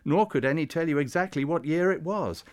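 A man's voice: fairly high pitch, fairly quick. Man narrating a storybook.

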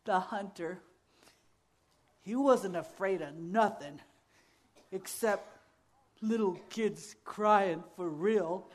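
A woman's voice: medium pitch, slow pace, pauses often. A woman telling a folktale to families, full of sound effects and playful asides. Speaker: storyteller. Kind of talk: lively oral storytelling for families.

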